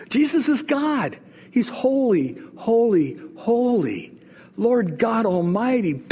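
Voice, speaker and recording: A man's voice: extremely high pitch, breathy edge, long reverb tail. A man preaching a sermon, retelling scripture in casual, everyday words. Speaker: pastor.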